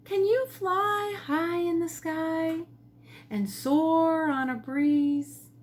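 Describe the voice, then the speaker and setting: A woman voicing a crow in a children's story, asking a slow, drawn-out question. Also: very high-pitched, voice pushed up, full character voice. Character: crow, questioning and a bit proud.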